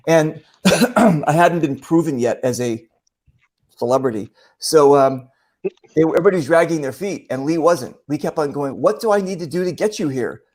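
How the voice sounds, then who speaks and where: A man's voice: fairly high pitch, darkish tone. A man hosting a casual online show, telling stories in a rambling way with many fillers and acting out other people's voices. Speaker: show host. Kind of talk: casual storytelling chat.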